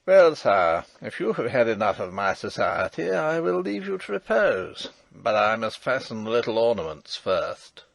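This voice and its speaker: A man's voice: on the low side, sing-song, normal speed, vocal fry, hardly any pauses, no echo, full character voice. A man voicing a sneering English jailer with a harsh, grating voice and an English accent, in an audiobook. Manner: sneering, mocking. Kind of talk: audiobook character reading.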